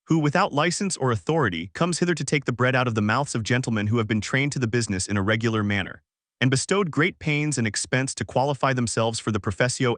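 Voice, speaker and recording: A man's voice: medium pitch, fairly bright tone, dry recording, studio quality, natural voice. A man voicing an irate, snobbish male English physician, blustering and indignant.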